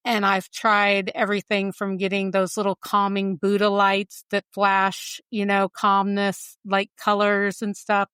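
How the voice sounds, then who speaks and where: A woman's voice: mid-range voice, monotone, a little slow, hardly any pauses, a bit bright, clear, resonant tone, no room sound. A middle-aged woman hosting a podcast, agreeing with her guest and relating it to her own experience. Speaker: podcast host. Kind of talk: conversational podcast interview.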